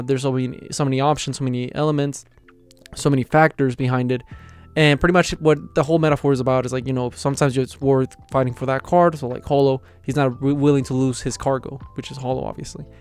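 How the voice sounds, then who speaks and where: A young man recaps an anime episode in a loose, rambling way, leaning on fillers as he goes. His voice sits at an ordinary pitch and comes through smooth and resonant. Faint music plays underneath. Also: fairly even intonation, fast talker. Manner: rambling, heavy on "like" and "you know". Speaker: anime reaction reviewer.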